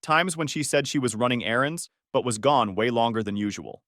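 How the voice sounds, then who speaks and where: A man's voice: mid-range voice, a little fast, a bit bright, no room sound, clean studio sound. A man narrating a dramatic personal story in the first person, telling it with emotion and heat. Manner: emotional, with angry outbursts in quoted lines.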